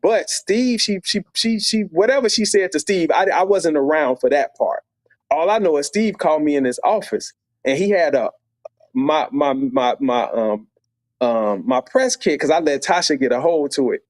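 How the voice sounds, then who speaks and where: A middle-aged man from Chicago telling a story as a podcast guest, animated and acting out voices. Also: fairly high pitch, moderate pace, dry recording. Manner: animated, acts out quoted voices.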